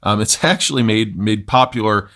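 A man's voice: on the low side, moderate pace, a bit bright. A young adult man co-hosting a podcast, chatting casually and rambling with many fillers and restarts. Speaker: podcast co-host. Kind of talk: casual chat.

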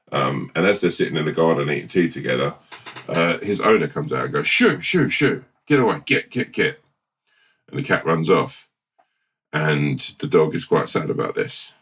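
A man co-hosting a podcast, chatting casually and telling a rambling, playful made-up story with halting restarts. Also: extremely low pitch, a bit bright, distant mic. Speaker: podcast co-host. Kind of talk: casual chat and improvised storytelling.

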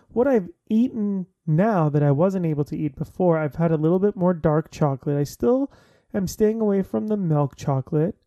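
Chatty guy in his 30s rambling to listeners, lots of likes and ums, slightly high voice, dead dry room. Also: mellow, no echo. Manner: chatty, filler-heavy, jokey. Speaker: vlogger. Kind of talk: casual chat to listeners.

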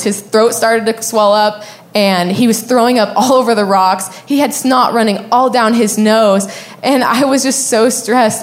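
A young adult woman casually tells a personal story in a medium-pitched voice, candid and swearing, laughing often as she goes.

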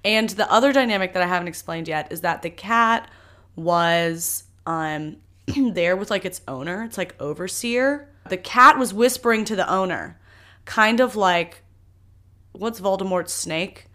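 A young woman hosting a solo podcast, talking candidly and animatedly, her voice swinging between loud bursts and soft asides. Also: mid-range voice, unhurried. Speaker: podcast host.

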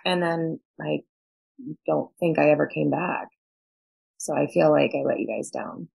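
A young woman co-hosts a podcast and speaks reflectively, with an apologetic tone. Her voice is very low and gravelly, with a husky grain. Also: unhurried, darkish tone, low-quality recording. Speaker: podcast co-host. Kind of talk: candid personal podcast chat.

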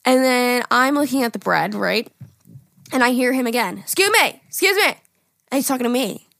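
A woman's voice: fairly high pitch, brisk, vocal fry, no echo, clean studio sound. A woman in her twenties co-hosting a podcast, telling stories in casual chat with frequent laughs and swearing. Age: 20s. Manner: animated storytelling, laughs often, swears. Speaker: podcast co-host.

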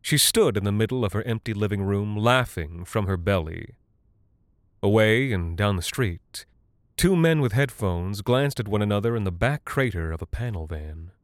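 A man narrating a dark literary story in a measured, deadpan way. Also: lowish voice, no echo.

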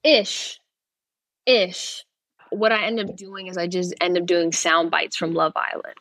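A woman's voice: lowish voice, unhurried, fairly bright tone, no room sound. A young woman guest on a talk show, chatting casually with many filler words and easy laughs. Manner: chatty, lots of "like" fillers and restarts, laughs easily. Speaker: actor guest.

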